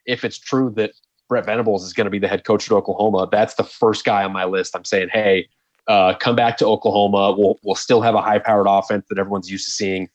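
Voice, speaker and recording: A man's voice: fairly low pitch, fairly quick, no echo. Laid-back man on a sports podcast. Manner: animated, laughing, exclaims in disbelief. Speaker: podcast co-host. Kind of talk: casual sports chat. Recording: dull, slightly lo-fi dry sound.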